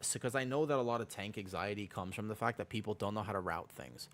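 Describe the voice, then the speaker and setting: A man's voice: lowish voice, quick pace. Male game streamer, slightly sick with a sore throat, rambling casual chat. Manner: rambling, self-correcting, chatty. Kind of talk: casual livestream chat while gaming.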